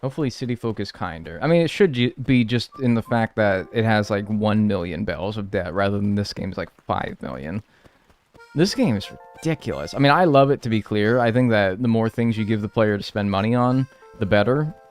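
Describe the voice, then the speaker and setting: A man's voice: lowish voice, animated, fairly quick, soft background music. A man casually chatting with viewers during a live game stream, rambling and wry as he thanks people by name. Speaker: gaming livestreamer. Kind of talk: casual live-stream chat while playing.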